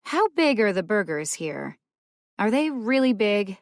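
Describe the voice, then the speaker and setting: A woman narrating an audiobook, voicing a brash, quick-witted young woman with a sarcastic, teasing manner. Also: medium pitch, big pitch swings, no room sound, studio quality, voice pushed up. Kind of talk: audiobook character voice.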